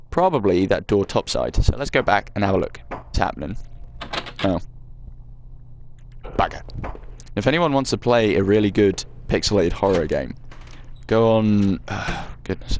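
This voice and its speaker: A man's voice: on the low side, a little mellow, a little hiss or hum. A man chatting self-mockingly as he plays through a game, swearing now and then. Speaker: let's play gamer. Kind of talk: casual gameplay commentary.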